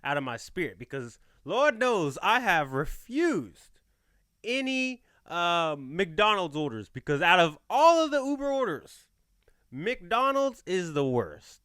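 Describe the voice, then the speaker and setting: A man's voice: high-pitched, sing-song, slow pace, a bit bright, clear, resonant tone, no echo, studio quality. A young man, hosting a casual podcast and joking his way through stories with slangy talk. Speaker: podcast host.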